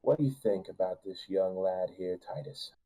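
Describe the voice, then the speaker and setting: A man voicing a gentle, wise goddess who speaks softly and knowingly in a tabletop game. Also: low voice, normal speed, rough recording. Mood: soft, solemn.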